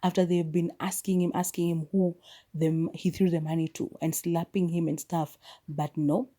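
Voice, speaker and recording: Recapping a film on her podcast, a woman retells the story in a chatty, easygoing way, tossing in quick asides and restarting sentences. She has a low-pitched, mellow voice that feels relaxed instead of bright.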